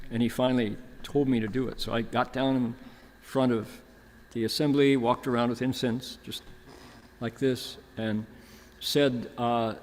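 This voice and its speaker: An older man speaks as a monk giving a dharma talk, telling a story in an easy, anecdotal way and voicing the people in it. His voice sits at an ordinary middle pitch. It rings with the long reverb of a large temple hall. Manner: relaxed anecdotal storytelling with quoted dialogue. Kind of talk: storytelling lecture.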